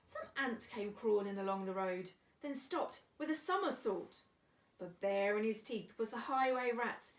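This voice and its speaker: A woman's voice: mid-range voice, animated, normal speed, distant mic. A woman volunteer reading a rhyming picture book to children in a sing-song storytime delivery. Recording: echoey room, away from mic.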